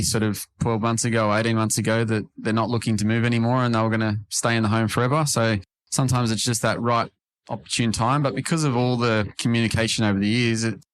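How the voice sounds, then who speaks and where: Brief: guy, quick and matter-of-fact, very even tone. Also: lowish voice, no echo. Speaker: real estate agent guest. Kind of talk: podcast interview.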